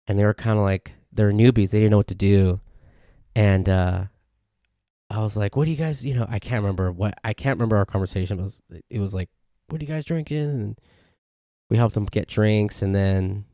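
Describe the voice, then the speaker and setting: Gravelly low-voiced man rambling on a podcast. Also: warm tone, dry recording, studio quality. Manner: rambling storytelling, mimics friends in higher voice. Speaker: podcast host. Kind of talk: casual solo podcast rant.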